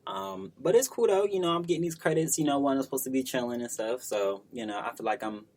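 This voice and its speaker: A man's voice: mid-range voice, lively intonation, quick pace, darkish tone. A young man from Virginia co-hosting a podcast in a casual, laid-back way, with lots of fillers, recorded in a library. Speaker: podcast co-host. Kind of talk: casual chat. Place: library room.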